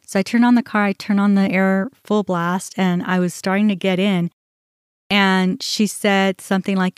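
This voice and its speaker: A middle-aged woman hosting a podcast, telling a personal story in an animated way, often quoting herself and others. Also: medium pitch, normal speed, smooth, no echo, studio quality. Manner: animated, quotes herself and others, restarts when upset. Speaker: podcast host.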